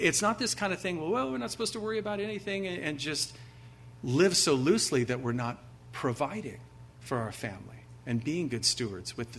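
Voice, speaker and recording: A man preaching a sermon at an average pitch for a man. He talks conversationally and often poses rhetorical questions to his listeners. When he reads scripture aloud he puts extra emphasis on it. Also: a bit bright, a little hiss or hum. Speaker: pastor.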